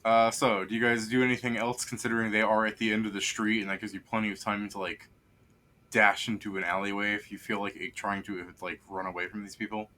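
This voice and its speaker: A man's voice: fairly low pitch, level tone, quick pace, pushed and bright. A man acting as game master, narrating a tabletop game casually and rambling with lots of fillers.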